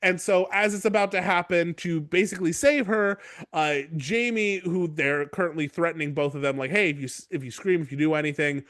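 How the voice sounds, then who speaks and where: A man on a podcast, recapping chapters in a loose, rambling way. His voice sits a bit high and sounds close and dry, with profanity and quick, offhand character bits. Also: fairly bright tone, no echo. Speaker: podcast host. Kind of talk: casual book-club recap.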